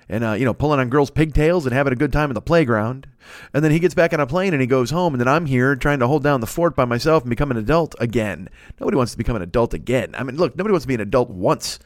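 A man's voice: medium pitch, no room sound, studio quality. A man around forty hosting a solo podcast, rambling through self-mocking jokes and profanity while alone at his microphone. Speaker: podcast host. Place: alone indoors at night. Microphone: studio microphone.

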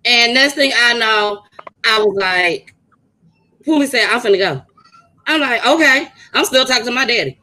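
Bright, forceful woman co-host, loud and animated, swears a lot. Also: on the high side, moderate pace, low-quality recording. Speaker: podcast co-host. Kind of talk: casual chat and storytelling.

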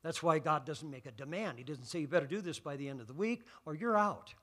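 A male pastor preaching a sermon, quoting scripture slowly and building from calm teaching to loud, fervent exhortation. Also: on the high side. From United States. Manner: quotes scripture in slow measured phrases.

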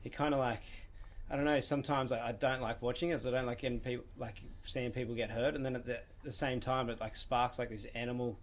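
A man in a casual conversation, talking haltingly and reflectively with many restarts. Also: medium pitch, fairly even intonation. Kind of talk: casual chat.

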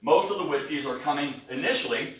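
A man's voice: on the high side, lively intonation, fast talker, far from the mic. Chatty man in an echoey room. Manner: chatty, jokey, with many fillers and asides. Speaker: whiskey tasting presenter. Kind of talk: live talk at a whiskey tasting. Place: room with a live audience. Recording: echoey room, recorded from afar.

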